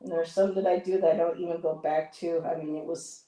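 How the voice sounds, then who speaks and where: Mellow-voiced chatty woman in echoey room. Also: fairly low pitch, little pitch movement, brisk. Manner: chatty, rambling anecdotes with frequent laughs. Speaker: livestream host. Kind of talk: casual chat while painting live.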